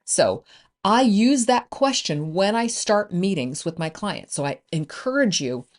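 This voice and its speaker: A woman's voice: mid-range voice, big pitch swings, a little slow. A woman business coach hosting a solo podcast, upbeat and encouraging in a conversational way.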